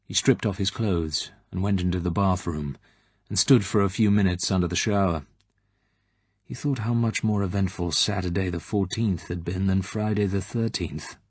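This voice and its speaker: A man reading a novel aloud in measured scripted narration. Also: deep voice, slightly rough, no room sound. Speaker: audiobook narrator.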